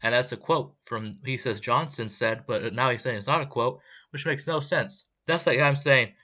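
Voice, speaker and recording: A man's voice: medium pitch, normal speed, bright, forceful tone. A young man ranting angrily in a vlog, swearing and rambling in a heated way. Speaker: vlogger. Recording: dull lo-fi sound.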